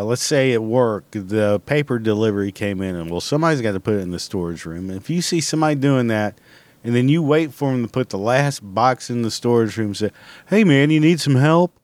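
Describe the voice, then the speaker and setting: A man's voice: fairly low pitch, moderate pace, a little mellow, no room sound. A man hosting his own podcast from home, ranting in a casual, blunt and rambling way with constant swearing. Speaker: podcast host. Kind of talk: casual solo podcast rant.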